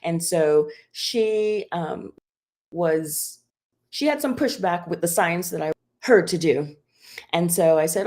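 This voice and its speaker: A woman's voice: lowish voice, slow pace, darkish tone. A middle-aged woman, a homeschooling mother, telling a personal story in casual live-stream chat with many fillers. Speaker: guest.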